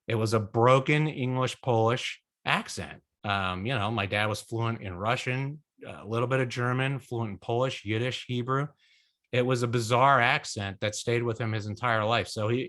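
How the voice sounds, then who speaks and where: A middle-aged man, son of a survivor, answering questions in an online talk in an earnest, measured, reflective way. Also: medium pitch, fairly bright tone. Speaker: guest speaker, son of a survivor.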